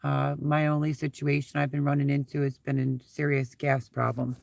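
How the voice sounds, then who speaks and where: A man's voice: medium pitch, monotone, moderate pace, vocal fry, darkish tone, no echo, clean studio sound. A man hosting a casual live stream from inside his SUV, rambling through stories and repeating his thanks while he reads out viewer comments.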